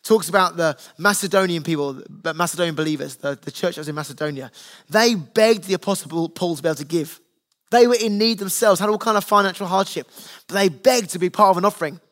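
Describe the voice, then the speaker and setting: A man's voice: high-pitched, fast, fairly bright tone. A man preaching a conversational sermon to his church, earnest and plain-spoken, with stories from his family table. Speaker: pastor.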